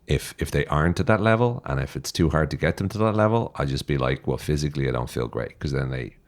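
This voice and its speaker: Podcast guest: Irish man, very low voice, blunt and profane, direct. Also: expressive, fast talker. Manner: blunt, swears freely, direct advice. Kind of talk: casual interview talk.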